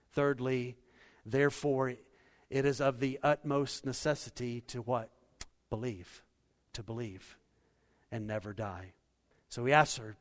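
A man preaching a sermon as a pastor, emphatic, swinging between loud declarations and quiet asides. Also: mid-range voice, fairly even intonation, moderate pace. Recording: long reverb of a hall.

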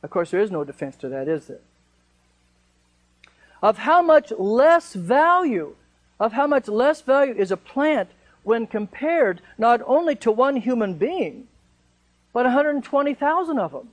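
Bible study teacher, man, higher voice, chatty, asks questions of the group. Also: big pitch swings, unhurried, low-quality recording. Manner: conversational, asks rhetorical questions.

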